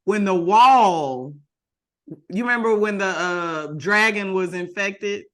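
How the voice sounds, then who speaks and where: A woman co-hosting a podcast, chatting casually in an animated way and quick to laugh. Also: mid-range voice. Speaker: podcast co-host. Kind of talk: casual chat.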